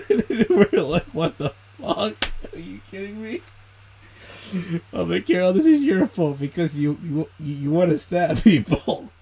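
A young man casually telling a story and acting out quoted voices, animated and swearing. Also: high-pitched, measured pace. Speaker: host answering questions.

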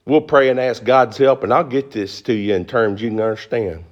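A middle-aged male pastor preaching a sermon to a congregation, fast and folksy, rising into high emphatic bursts. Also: dull audio. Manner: fast-talking, folksy with y'all and ain't. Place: church before a congregation.

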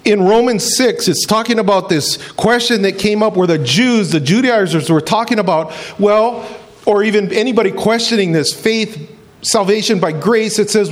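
Male pastor, sermon delivery, somewhat high voice, lively and repetitive. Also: normal speed. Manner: animated, acts out quoted voices; repeats and restarts phrases.

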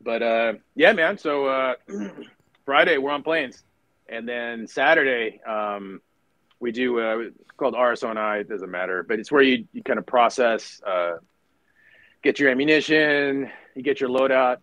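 A man's voice: mid-range voice, moderate pace, no echo, low-quality recording. A man in his forties, a former Marine officer, telling stories in a casual interview and acting out the voices of people in them. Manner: animated storyteller who acts out voices in anecdotes.

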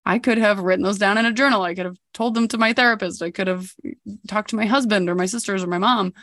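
A woman's voice: medium pitch, quick pace, a bit bright, no echo, studio quality. A woman in her thirties hosting a podcast, telling a personal story in a candid, reflective way. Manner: candid and reflective, with occasional laughs. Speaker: podcast host.

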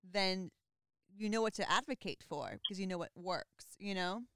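A woman's voice: mid-range voice, lively intonation, moderate pace, pushed and bright, smooth, no room sound. A woman chatting casually with a friend, reacting supportively and giving her opinion. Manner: supportive, reacts with short comments. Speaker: friend listening. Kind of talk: casual chat.

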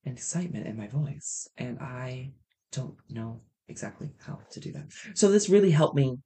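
Excitable, loud man who teaches kindergarten. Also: medium pitch, moderate pace. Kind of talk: casual chat among teachers.

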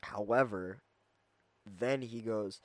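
A man giving a casual, rambling movie review, full of fillers and quick acted-out quotes. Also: lowish voice, no room sound. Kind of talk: casual spoken film review.

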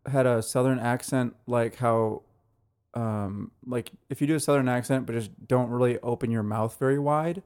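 A man's voice: mid-range voice, normal speed, a little mellow, smooth. Easygoing man co-hosting a podcast. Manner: easygoing, with frequent "like" fillers. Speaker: podcast co-host. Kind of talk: casual chat reviewing beer and music.

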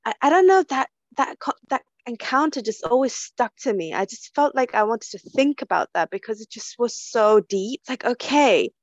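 A woman's voice: on the high side, big pitch swings, moderate pace, hardly any pauses, no room sound, lo-fi sound. A woman from Germany talking earnestly in a casual group discussion, often restarting and repeating words. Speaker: panel guest.

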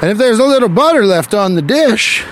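A man's voice: sits high, big pitch swings, fairly quick, slight background noise, voice pushed up. A man doing a boastful 1920s tough guy. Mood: swaggering. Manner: clipped tough-guy patter with "see?". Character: swaggering 1920s dapper man, brutish and boastful.

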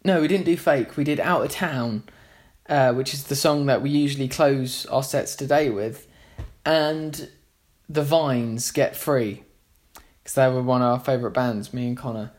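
Male musician, rambling storyteller, mid-pitched, loose and chatty. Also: unhurried. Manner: rambling, many fillers and restarts. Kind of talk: casual anecdotal storytelling.

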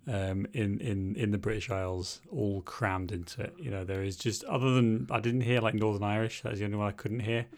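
A man's voice: fairly low pitch, steady tone, brisk, few pauses, a little mellow. A man co-hosting a casual podcast chat, stumbling over restarts. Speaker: podcast co-host.

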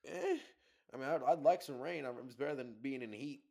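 A young man, a college football player, chatting casually in a relaxed way, with halting restarts and casual swearing. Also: mid-range voice, creaky. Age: young adult. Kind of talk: casual chat.

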